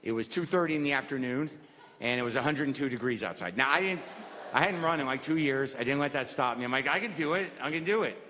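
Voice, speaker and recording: A man's voice: medium pitch, fast, pushed and bright. A man in his fifties doing a stand-up routine, rambling in a neurotic, self-deprecating way and acting out little scenes. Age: 50s. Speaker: stand-up comedian. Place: comedy club stage. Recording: live stage recording with hall reverb and audience noise. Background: audience laughter.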